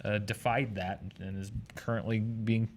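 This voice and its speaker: A man's voice: fairly low pitch, little pitch movement, slight background noise. Man chatting through box office numbers. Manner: chatty, runs through figures with quick asides. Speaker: box office show host. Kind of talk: casual chart rundown chat.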